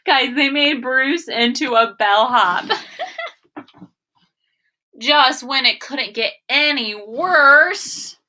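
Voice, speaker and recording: A woman's voice: high-pitched, slow pace, few pauses, bright, forceful tone, low-quality recording. A woman teacher reading a picture book aloud to her class, explaining words and asking questions.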